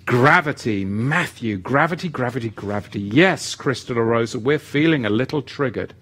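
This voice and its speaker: A man's voice: mid-range voice, lively intonation, moderate pace, a bit bright, husky. A man teaching a live-streamed lesson who reads the chat and greets viewers by name, with playful asides. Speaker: livestream teacher.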